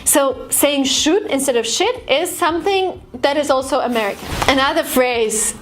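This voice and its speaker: A woman's voice: high voice, normal speed, a little hiss or hum. Chatty woman teaching casual English. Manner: chatty, acts out exaggerated reactions. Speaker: language vlogger teaching English phrases. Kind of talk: casual video lesson. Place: lives in San Francisco.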